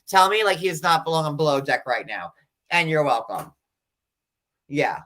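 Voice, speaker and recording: A man's voice: a little high, very animated, normal speed, fairly bright tone. A male host in a casual chat, talking in a chatty way with many filler words.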